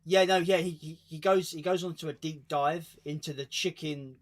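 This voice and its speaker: A man with a British accent co-hosts a casual stream chat, speaking at normal speed in a fairly high voice with fairly even intonation. Swearing comes easily to him, and he stumbles, repeats words and laughs partway through his stories.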